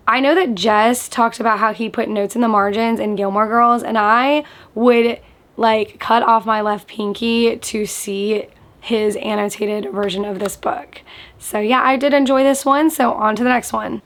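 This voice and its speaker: A young woman chats about the books she has been reading. She sounds enthusiastic and casual, with many "like" fillers, and her voice sits fairly high. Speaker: book vlogger. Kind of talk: casual book review vlog.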